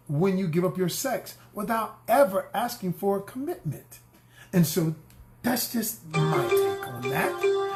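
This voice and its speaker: A middle-aged man gives dating advice to women, hammering his points home by repeating them. His pitch swings widely as he acts out the voices of people he quotes. The sound carries a noticeable room echo. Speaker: relationship coach. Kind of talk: animated coaching talk to camera.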